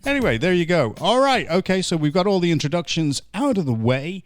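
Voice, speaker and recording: A man's voice: sits high, sing-song, brisk, dry recording, studio quality, faint music behind. A man hosting a comic online pub chat, talking in a theatrical, jokey, mock-grand way. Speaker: podcast host.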